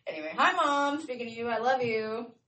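A woman's voice: fairly high pitch, very animated, normal speed, sharp tone, recorded from a distance. Woman, show host, casual rambling chat, laughing, away from the mic. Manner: chatty, rambling, loose and laughing. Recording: roomy sound from off-mic with faint noise.

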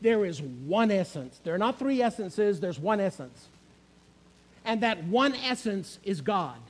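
High-voiced male preacher, emphatic. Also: big pitch swings, unhurried, poor audio. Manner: emphatic, repeats key phrases, asks the listeners questions. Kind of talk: sermon.

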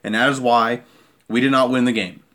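A man in a worked-up football rant, his voice sitting in a middle pitch. He talks as an irate fan, hammering the same points over and over and checking in with a pointed "okay?". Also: steady tone, brisk, fairly bright tone. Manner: irate, repeats himself, keeps asking "okay?". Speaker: sports fan vlogger. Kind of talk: heated sports rant.

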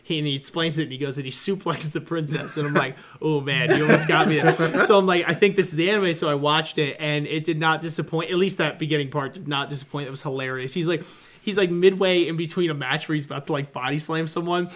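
A man with a slightly raised voice chats casually on a podcast with friends. He tells stories with animated energy, laughing and swearing as he goes. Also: a little high, fast, a little hiss or hum. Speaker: podcast co-host. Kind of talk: casual chat.

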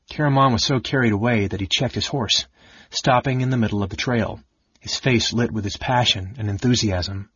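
A man narrating a fantasy novel in a steady, measured reading. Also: fairly low pitch, husky, dry recording, muffled recording. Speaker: audiobook narrator. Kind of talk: scripted narration.

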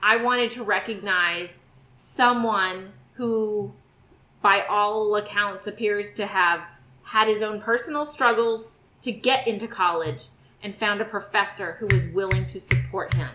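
Bright-voiced woman podcast co-host, echoey room. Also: mid-range voice, a little slow. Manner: chatty, swears casually. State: has hiccups. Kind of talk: casual chat.

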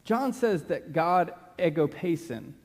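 A man preaching a sermon as pastor, earnest, slowing down and dropping to a hush to stress a point. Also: fairly high pitch, lively intonation. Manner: earnest, slows down and drops to a hush for emphasis. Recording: long reverb of a large hall.

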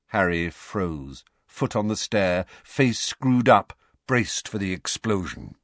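A man narrating a novel aloud in an expressive storybook style. His pitch rises and falls in an animated way. The recording is dry and close. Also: slow, no room sound. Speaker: audiobook reader.

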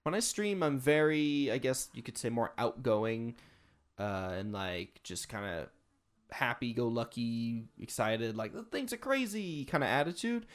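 Animated male podcast co-host. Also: medium pitch, a little slow. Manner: animated, rambling with many restarts. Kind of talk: casual chat.

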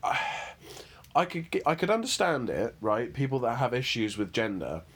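A man co-hosting a casual podcast chat, ranting and swearing freely, and quick to mock himself. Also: mid-range voice, big pitch swings, fairly bright tone, breathy edge. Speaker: podcast co-host.

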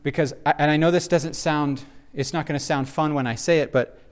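Speaking a little fast with fairly even intonation, this man's slightly high voice guides a conversational Bible discussion. As a Bible teacher, he's earnest and searching, frequently starting sentences over while looking for the right words.

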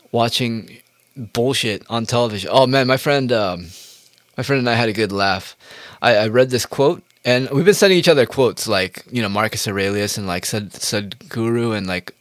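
A man's voice: mid-range voice, a bit bright, no room sound, clean studio sound. A man ranting in a casual monologue, swearing a lot and jumping from topic to topic. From United States. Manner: profane, heated, jumps between topics.

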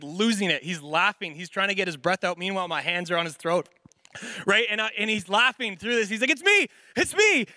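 A man with a high-pitched voice delivers a sermon built around a personal story. He tells it in an animated, chatty way, full of filler words. The sound is dry and close, with no room echo. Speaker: preacher.

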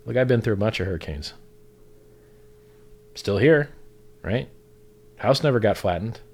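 A man's voice: on the low side, expressive, a little slow, a little mellow. A man ranting angrily on a livestream, profane and sarcastic, mocking other people's views in a raised mimicking voice.

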